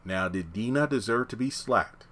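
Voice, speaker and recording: Man, TV reviewer, lowish voice with a bright forceful edge, casual and opinionated, animated retelling. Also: moderate pace. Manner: animated, acts out characters' lines while retelling; blunt and opinionated. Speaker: TV episode reviewer.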